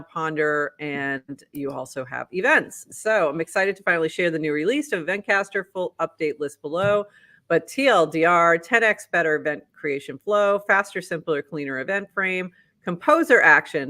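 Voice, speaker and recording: Bright, chatty podcast host with a Boston accent. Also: mid-range voice. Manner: upbeat, chatty, laughs easily. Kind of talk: casual podcast chat, reading posts aloud.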